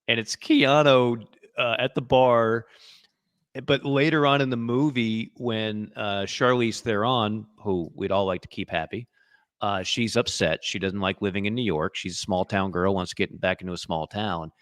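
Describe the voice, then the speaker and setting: A man's voice: fairly low pitch, fairly even intonation, moderate pace, fairly bright tone, no room sound. A man co-hosting a casual sports podcast, telling movie stories with dry wisecracks. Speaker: podcast co-host.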